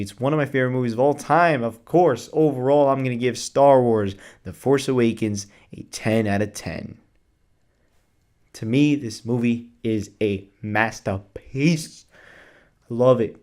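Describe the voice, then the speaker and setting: A movie reviewer with a medium-pitched, slightly mellow voice raves about a film on his vlog. He's enthusiastic, leans on casual fillers and lets slip an occasional swear word.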